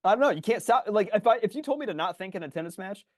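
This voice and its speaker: A man co-hosting a podcast, telling stories in casual chat, swearing freely and loudly acting out his own thoughts. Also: high-pitched, lively intonation, racing, no room sound, clean studio sound. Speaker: podcast co-host.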